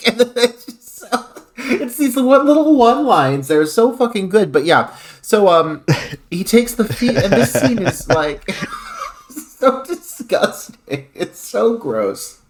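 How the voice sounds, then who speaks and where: A man's voice: high-pitched, sing-song, slow pace. A man co-hosting a podcast, chatting casually about a movie with lots of "like" fillers. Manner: chatty, filler-heavy with frequent "like". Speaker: podcast co-host. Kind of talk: casual film discussion.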